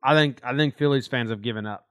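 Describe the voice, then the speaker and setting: A man's voice: mid-range voice, fast talker, clear, resonant tone, no echo, clean studio sound. A man co-hosting a casual baseball podcast, speaking in an offhand, loose way and swearing freely. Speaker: podcast co-host. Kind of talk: casual sports chat.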